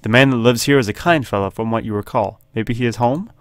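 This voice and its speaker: A man's voice: medium pitch, fast talker, no echo. Laughing man reading a horror game. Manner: jokey, laughing, chatty asides. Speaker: gaming video host. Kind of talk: reading and narrating a horror text game aloud.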